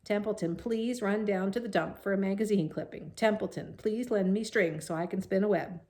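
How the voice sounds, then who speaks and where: A woman's voice: medium pitch, moderate pace, warm tone, natural voice. Woman doing a grumbling, sarcastic old rat. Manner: growling, mocking and indignant.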